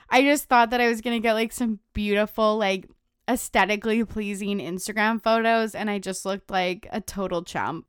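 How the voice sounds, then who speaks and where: Young woman, podcast host, higher voice, smooth, casual chat, laughs and swears. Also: no echo, clean studio sound.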